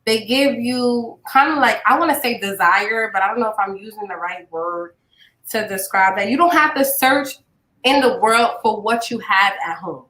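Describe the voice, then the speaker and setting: Casual woman host, bright and lively, blunt and profane, in a roomy echo. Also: fairly high pitch, moderate pace. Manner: animated, blunt and profane, laughs often. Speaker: podcast host. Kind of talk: casual podcast chat.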